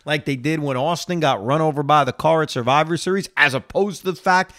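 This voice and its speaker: Here the solo reaction-podcast host sounds on the high side and a little fast, still opinionated, animated, and addressing listeners head-on despite a lingering cough. Clean studio audio, no room sound.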